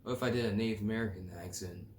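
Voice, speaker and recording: A man's voice: lowish voice, fairly even intonation, racing, darkish tone. A man hosting a casual solo podcast, rambling and crude, joking and reading definitions aloud. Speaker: podcast host. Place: home room, early morning. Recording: echoey room with faint ambient noise.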